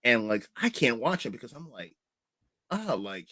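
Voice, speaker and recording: A man's voice: medium pitch, sing-song, a little fast, pushed and bright, no room sound, studio quality. A man hosting a horror podcast in blunt, casual chat, swearing freely. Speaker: podcast host.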